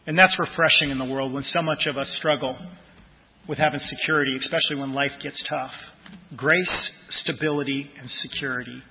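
A fairly high-voiced man preaching a sermon, his delivery conversational and his phrase endings fading quietly. The audio is dull and lo-fi, with a long church reverb behind him. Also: fairly even intonation, fairly quick. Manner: conversational, tells personal stories, trails off softly at phrase ends. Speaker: pastor.

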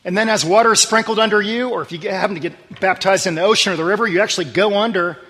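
He races through his sermon as pastor, his voice slightly rough and carrying through a large hall. The delivery is earnest and conversational, turning low and quiet on scripture verses.

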